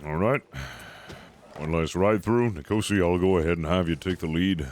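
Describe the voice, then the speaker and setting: Deep-voiced man leading a roleplay posse. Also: normal speed, darkish tone, slight background noise. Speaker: streamer playing a sheriff. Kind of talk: in-character roleplay chat.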